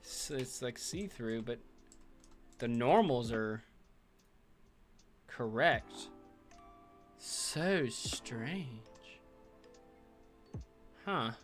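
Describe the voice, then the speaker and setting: Man, livestream host, relaxed, mid-pitched, chuckling asides, faint music and typing behind. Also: drawn-out words, long pauses. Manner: relaxed, thinks aloud with fillers and chuckles. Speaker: livestream host building a game world. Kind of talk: casual livestream commentary while working.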